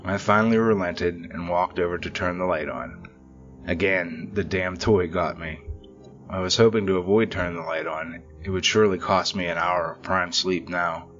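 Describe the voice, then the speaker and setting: A man narrating a scripted horror story in a measured, steady way. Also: low voice, muffled recording, faint music behind.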